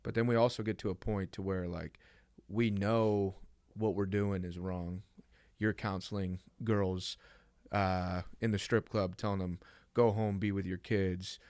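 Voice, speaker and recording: A man's voice: low-pitched, fairly even intonation, a little slow, darkish tone, clean tone, no echo, clean studio sound. A man hosting a faith podcast interview, reflecting aloud in a thoughtful, searching way before asking his question. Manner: reflective, thinks aloud with fillers. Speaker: podcast host.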